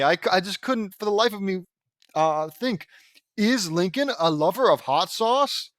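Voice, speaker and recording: A man's voice: sits high, expressive, moderate pace, fairly bright tone, no echo. A man reading fan fiction aloud and breaking off into sarcastic, mocking commentary. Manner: sarcastic, mocking, easily exasperated.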